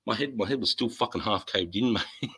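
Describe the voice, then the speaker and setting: Australian man in his forties, swearing storyteller, bright forceful voice, lowish pitch. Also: fairly quick, slightly rough, rough recording. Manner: animated, swears heavily. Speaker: host. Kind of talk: casual chat, storytelling.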